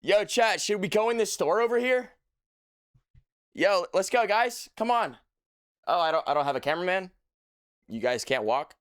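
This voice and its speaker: Joking male streamer, smooth dry voice. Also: sits high, animated, moderate pace, long pauses, no echo. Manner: joking, playfully mock-serious. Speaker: livestream host. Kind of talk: casual livestream chat. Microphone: desk mic from a few feet back.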